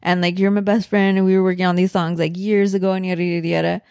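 A woman's voice: lowish voice, level tone, fast, darkish tone, smooth, no room sound, studio quality. A woman telling a story in a casual chat with her husband, full of fillers and swearing. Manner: swears a lot, many fillers.

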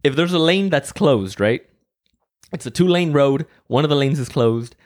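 A man, co-hosting a casual podcast chat and ranting about drivers in an animated, sweary way that keeps turning shouty. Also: on the high side, moderate pace. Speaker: podcast co-host.

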